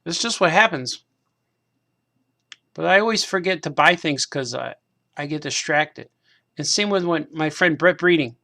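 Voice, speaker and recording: Man, slightly high gravelly voice, loose rambling chat while crafting, self-deprecating. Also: moderate pace, long pauses, sharp tone. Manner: meandering, self-deprecating, repeats himself. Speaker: cartoonist hosting a craft stream. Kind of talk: casual rambling monologue while painting figures.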